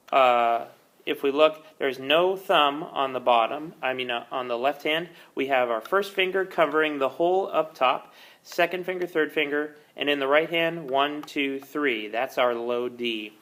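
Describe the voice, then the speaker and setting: A man's voice: medium pitch, fairly bright tone. A man leading an oboe lesson, explaining each step patiently with frequent ums. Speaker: oboe teacher. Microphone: camera mic, repositioned during video.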